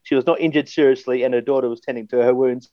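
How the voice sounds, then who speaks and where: A man's voice: medium pitch, steady tone, fast, no room sound, highs cut off. A man with an Australian accent co-hosting a podcast, reading odd news stories, laughing often and cracking crude jokes and puns. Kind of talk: casual chat.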